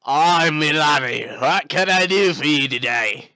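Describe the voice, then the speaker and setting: A man's voice: fairly high pitch, animated, unhurried, pushed and bright, no echo, clean studio sound, exaggerated voice. A man voicing a blustery old male dwarf shopkeeper who calls customers laddie in a tabletop game. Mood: welcoming. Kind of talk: tabletop role-play voice acting.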